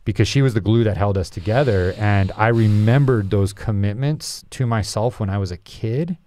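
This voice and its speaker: A man who is a podcast guest, telling a personal story in a reflective, halting, confessional way. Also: lowish voice, darkish tone. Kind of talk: candid personal story in an interview.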